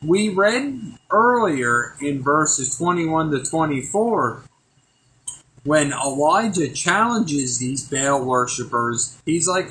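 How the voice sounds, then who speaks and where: A man's voice: a little high, animated, slow pace, bright, forceful tone, slight background noise, poor audio. A man hosting a daily Bible verse, reading scripture aloud and then talking it over in an earnest, conversational way. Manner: earnest, conversational, slips into plain chat after reading. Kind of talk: scripture reading with casual commentary.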